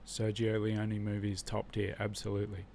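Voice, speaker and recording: Low-voiced Australian man musing on a livestream. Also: monotone, normal speed, gravelly, darkish tone, a little hiss or hum. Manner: muses aloud while reviewing flashcards. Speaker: livestream host learning Spanish. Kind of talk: casual livestream chat.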